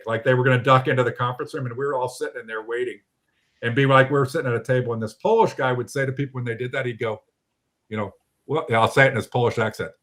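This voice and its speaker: A man hosting an online discussion over a video call, talking bluntly and animatedly with some mild swearing. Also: medium pitch. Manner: blunt, animated, mildly profane. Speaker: host of a local politics livestream.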